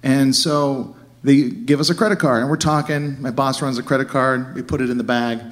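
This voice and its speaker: A man telling a funny true story on stage, animated and laughing as he goes. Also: medium pitch, normal speed. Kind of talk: live comic storytelling.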